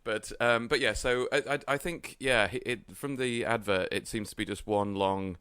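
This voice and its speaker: A man with a lowish, smooth and clear voice co-hosts a film podcast in a studio. He talks in a wry, rambling way and drifts off on tangents. The sound is close and dry. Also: steady tone, moderate pace, fairly bright tone, no room sound. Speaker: podcast co-host. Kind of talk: casual film review chat.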